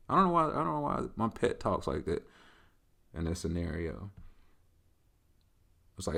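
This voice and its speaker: Loose, rambling man with a low voice. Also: sing-song, moderate pace, gravelly, long pauses, pushed and bright. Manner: loose, rambling, conversational, leaning on filler tags. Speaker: host. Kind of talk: casual solo Q&A chat.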